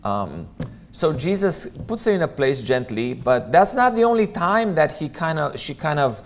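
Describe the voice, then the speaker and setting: A man's voice: fairly high pitch, very animated, moderate pace. Casual, chatty male Bible teacher. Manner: conversational, many ums, chatty asides. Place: church room.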